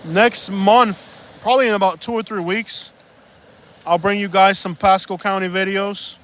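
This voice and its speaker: A man's voice: sits high, fairly even intonation, unhurried, fairly bright tone. A man live-streaming outdoors on a beach at sunset, rambling and joking in casual chat and reading out viewer comments.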